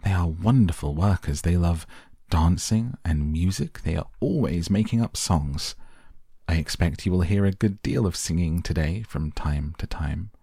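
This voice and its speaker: A man voicing an excitable, eccentric male chocolate maker in a storybook reading, with a fussy, pleading manner. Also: sits low, moderate pace, gravelly, husky, dry recording, clean studio sound, heavily acted. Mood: cheerful.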